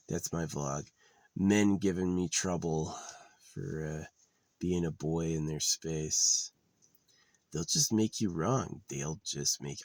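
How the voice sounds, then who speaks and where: A male vlogger in a loose, rambling monologue, swearing freely and padding his talk with fillers. His voice is extremely low and gravelly with a lot of fry. The sound is close and dry. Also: dry recording. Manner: rambling and profane, with many fillers. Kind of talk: casual vlog monologue.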